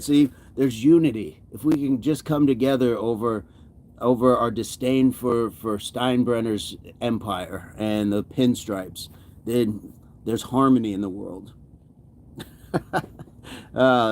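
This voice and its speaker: A man hosting a fitness livestream, upbeat and chatty, reading viewer comments, greeting people by name and laughing often. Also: medium pitch.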